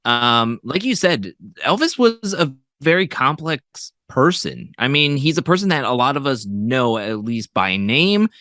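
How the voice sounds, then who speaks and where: An unhurried man with a mid-range voice, big pitch swings, and a sharp tone speaks with few pauses. As a podcast guest co-host, he gives casual movie opinions hesitantly, with many fillers and restarts. The studio-quality recording is dry.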